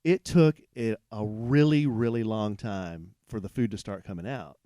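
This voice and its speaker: A man co-hosting a podcast from a hotel room, telling a long anecdote in a rambling, animated way with many restarts. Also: lowish voice, normal speed, dry recording, clean studio sound. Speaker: podcast co-host. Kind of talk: casual storytelling chat.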